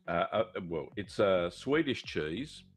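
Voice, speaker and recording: A man's voice: low voice, very animated, slow pace, faint music behind. A middle-aged Australian man hosting a live cheese-making Q&A stream, chatting casually with many fillers and greeting viewers by name.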